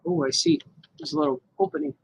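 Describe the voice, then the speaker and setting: Brief: a man with a gravelly voice chatting loosely with his audience while he draws, a faint hiss behind him. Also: on the high side, huge pitch swings, fast talker, rough recording. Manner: rambling, talks to the viewers as he works. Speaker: cartoonist livestreaming his drawing. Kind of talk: casual live commentary while drawing.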